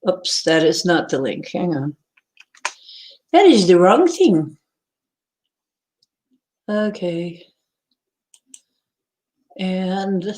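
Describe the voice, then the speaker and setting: Woman, live-stream host, unhurried delivery, chatty and rambling, greets viewers. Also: lowish voice, big pitch swings, a little mellow. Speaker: livestream host. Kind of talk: casual live-stream chat.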